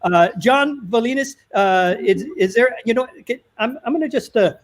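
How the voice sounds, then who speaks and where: A man's voice: extremely high pitch, lively intonation, normal speed. A man hosting a casual livestream chat with guests, chatty and keeping things moving. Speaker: host.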